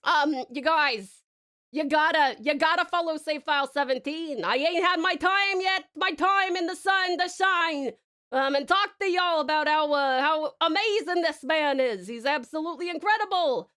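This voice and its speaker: A woman putting on a high, drawling Italian mobster. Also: normal speed. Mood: gushing. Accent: put-on Italian-American mobster. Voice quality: flat, unamused drawl. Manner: calls people "dame" and "pal", slangy. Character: wisecracking male Italian mobster cat-man, chummy. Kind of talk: live stream chat in character.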